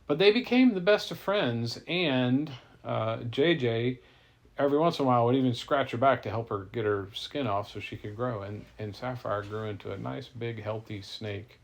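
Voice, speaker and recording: Gravelly man telling a bedtime story. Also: medium pitch, normal speed. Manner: playful, rambling, easily corrected. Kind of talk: improvised bedtime story to a child.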